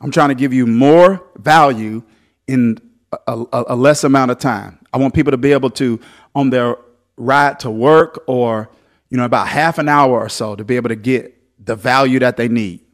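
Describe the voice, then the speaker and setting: A man preaching a sermon as pastor, swinging between loud, lively exhortation and softer storytelling. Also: mid-range voice, normal speed.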